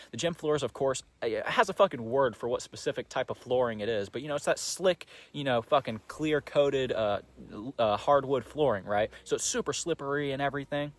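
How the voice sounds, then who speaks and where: A man's voice: medium pitch, fairly bright tone. A young man rambling through a casual storytime monologue, profane and full of fillers.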